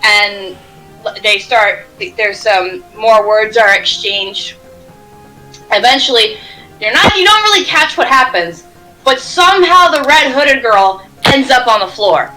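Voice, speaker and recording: Woman running a tabletop game, bright voice, lively narration with quick restarts. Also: fairly high pitch, soft background music, low-quality recording. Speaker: game master.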